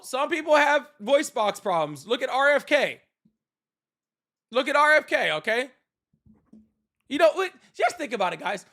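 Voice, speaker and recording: His voice is very high-pitched, bright and forceful. The man hosts a live call-in debate stream, mocking and sarcastic as he rants casually and swears freely.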